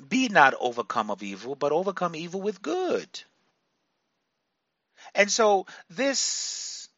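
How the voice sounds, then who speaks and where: A man preaching in a slow, deliberate sermon cadence with a bright, slightly high voice. He repeats his lines for emphasis and swings between quiet stretches and sudden loud bursts. The sound is dry and a little muffled. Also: no room sound.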